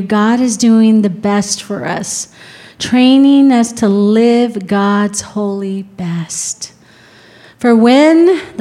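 A middle-aged woman giving a sermon to a women's group, switching between emphatic exhortation and chatty storytelling with laughs. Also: fairly high pitch. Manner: emphatic, rising to near-shouts on exhortations. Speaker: women's ministry speaker.

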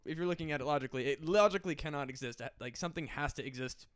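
A podcast guest, male, talks in casual chat with a smooth voice that occasionally cracks, racing excitedly and profanely through big ideas. His pitch is slightly high and his delivery rapid-fire, captured dry and close with no echo.

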